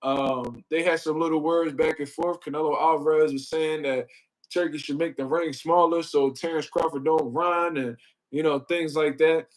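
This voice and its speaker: A man's voice: a little high, fairly even intonation, normal speed, low-quality recording. Slangy, profane man hosting a boxing stream. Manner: slangy, profane, rambling with fillers like "you know what I mean"; reads out and greets chat viewers. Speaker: boxing livestream host. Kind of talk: casual livestream commentary. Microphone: desk mic he moves closer.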